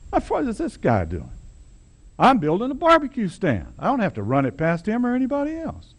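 A man's voice: high-pitched, wildly swooping pitch, normal speed, voice pushed up, exaggerated voice. A man voicing a defiant young northern man, blunt and insistent.

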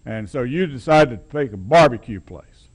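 Man preaching with a lively, swinging voice. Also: medium pitch, moderate pace, husky. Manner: conversational, wry, emphatic. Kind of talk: sermon with storytelling.

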